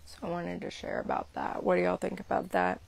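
Hosting a live stream as a Reiki practitioner, this young woman rambles casually about energy healing, leaning on "you know" and "like." She talks briskly in a fairly low, slightly mellow voice with big pitch swings and vocal fry, over a little hiss or hum.

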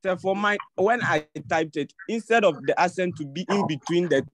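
A man's voice: high voice, normal speed. A young man with a Ghanaian English accent, a student hesitantly querying his exam marks and restarting sentences.

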